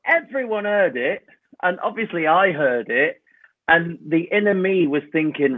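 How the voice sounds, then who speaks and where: A man, a guest performer, telling an animated stage anecdote and acting out the shouts he quotes, heard over a remote call. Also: on the high side, moderate pace, no room sound. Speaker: guest clown. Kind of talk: casual anecdote. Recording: dry tinny phone-like line.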